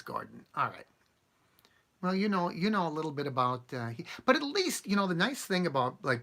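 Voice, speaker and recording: Rambling, gravelly man chatting with his viewers. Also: medium pitch, sharp tone. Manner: rambling, chuckling, reads viewer comments aloud. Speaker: channel host answering live chat. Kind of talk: casual live-stream chat.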